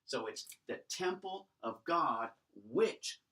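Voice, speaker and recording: A man teaching Greek, speaking in a mid-pitched voice and explaining step by step as he writes, often pausing with a quick "okay?" to check in. He is picked up from a little way off the mic, so the voice sounds slightly distant. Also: a bit bright. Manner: explanatory, thinks aloud while writing, asks rhetorical checks. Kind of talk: recorded classroom lecture at a whiteboard.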